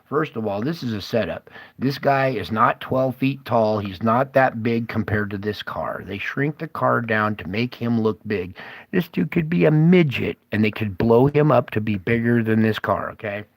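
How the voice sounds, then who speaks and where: A man's voice: lowish voice, moderate pace, vocal fry, no echo. A man rambling as he hosts a conspiracy video, breaking up his talk with questions to the viewer. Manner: rambling, keeps asking "okay?".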